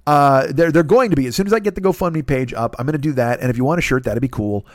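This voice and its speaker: A man's voice: mid-range voice, fast, dry recording, studio quality. A middle-aged man hosting a solo podcast, rambling and profane, with self-deprecating asides. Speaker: podcast host.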